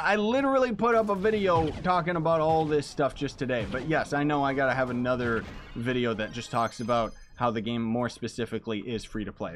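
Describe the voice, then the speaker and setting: A man's voice: mid-range voice, a little hiss or hum. A man chatting casually to his viewers while he plays a game live, loose and rambling, with a lot of slang. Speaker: streamer. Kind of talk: casual live-stream chat while gaming.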